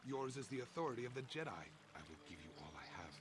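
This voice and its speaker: An actor playing a bitter, grieving middle-aged farmer in a video game, pleading for help. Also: male voice, medium pitch, sing-song, fast talker, natural voice. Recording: game audio with background noise.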